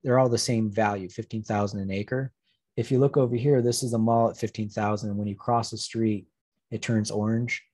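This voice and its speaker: A man presenting to a public audience as a planning consultant, walking through slides in a relaxed, plain-spoken way. His voice is dark and a little husky, and he leans on wry stories to make his points. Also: on the low side, brisk, no room sound, studio quality.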